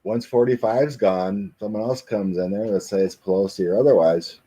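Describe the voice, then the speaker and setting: Male host, deep and a little raspy, loose rambling chat delivery. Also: normal speed. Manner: rambling, animated, mocking impressions. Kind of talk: casual chat with tarot reading.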